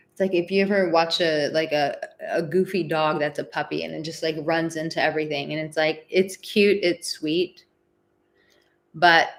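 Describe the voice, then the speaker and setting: A woman hosting a live advice talk, chatting casually with many "like" fillers and acting out example phrases. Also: low-pitched. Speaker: relationship advice host.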